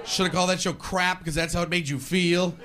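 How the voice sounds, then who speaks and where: A man's voice: high voice, steady tone, fairly quick, pushed and bright. A man performing a stand-up comedy set, ranting animatedly and slipping into voices. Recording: live stage audio with noise.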